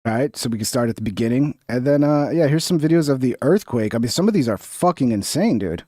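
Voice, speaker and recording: A man's voice: mid-range voice, animated, quick pace, mellow, a little hiss or hum. A young American man hosting a live stream, reacting to news in a casual, rambling way with lots of slang and swearing. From United States.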